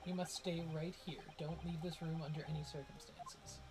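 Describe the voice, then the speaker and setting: A man's voice: on the high side, flat delivery, moderate pace, music in the background, lightly acted. A man voicing a fussy elderly pawnbroker who talks in a prim, formal way. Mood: stern.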